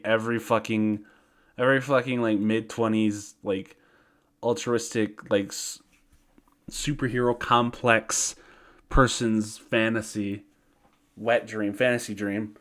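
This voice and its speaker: A man's voice: medium pitch, steady tone, a little slow, clean tone. A man giving a casual ranting review, profane and exasperated, often breaking into laughter. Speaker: video reviewer.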